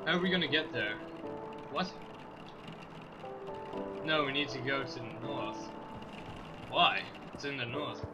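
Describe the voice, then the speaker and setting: A man's voice: medium pitch, measured pace, long pauses, over loud music. A man giving joking let's play commentary, swearing and talking back to the game's characters. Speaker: gameplay commentator.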